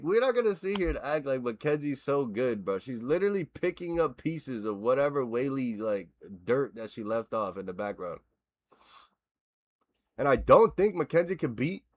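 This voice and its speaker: Profane man ranting about fights. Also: mid-range voice. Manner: profane, blunt, animated ranting. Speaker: reaction video host. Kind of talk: casual fight reaction rant.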